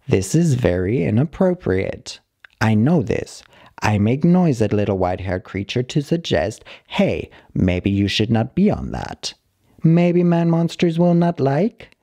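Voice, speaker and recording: A man calmly reading a short story aloud, narrating in the halting first-person voice of a dog. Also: fairly low pitch, no echo, studio quality.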